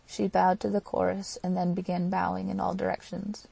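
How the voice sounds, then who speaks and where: A woman narrating an audiobook in a steady, even reading. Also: on the low side, normal speed, creaky, few pauses. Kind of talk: scripted narration.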